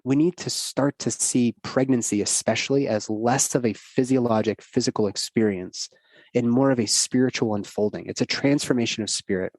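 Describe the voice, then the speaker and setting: A man's voice: medium pitch, moderate pace, a little mellow, no echo. A middle-aged man, a doctor guesting on a podcast, telling a personal story in an earnest, rambling, casual way.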